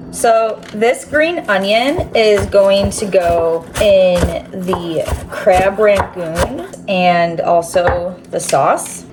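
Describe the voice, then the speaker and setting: A woman's voice: lowish voice, background noise. A woman cooking in her home kitchen and chatting casually to viewers, giggly and swearing offhandedly. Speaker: cooking vlogger.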